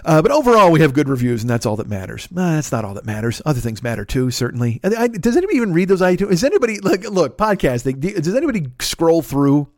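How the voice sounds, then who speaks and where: A man hosting a podcast, doing a comedic ad read in a profane, rambling, animated riffing way. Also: on the high side, quick pace, few pauses, no echo, clean studio sound. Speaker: podcast host reading an ad.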